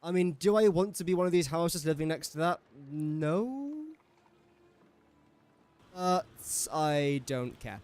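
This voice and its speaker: Chatty English lad, slightly high voice. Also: male voice, lively intonation, takes it slowly, darkish tone, no echo, faint music behind. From England. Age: young adult. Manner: chatty, jokey, talks to himself and the game characters. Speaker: gaming streamer. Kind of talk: casual gameplay commentary.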